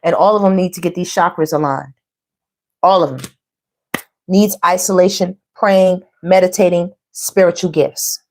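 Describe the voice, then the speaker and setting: A woman giving a casual tarot reading, sassy and animated, full of slang and calling the viewers "baby" and "y'all". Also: on the low side, moderate pace. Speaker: tarot reader.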